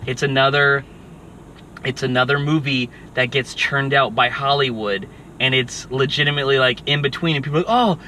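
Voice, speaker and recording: A man's voice: mid-range voice, moderate pace, pushed and bright, a little hiss or hum, rough recording. A man co-hosting a podcast in a car, rambling wryly through a movie review with many restarts. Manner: rambling, restarts, wry and mocking. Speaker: podcast co-host. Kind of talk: casual movie review chat. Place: inside a car.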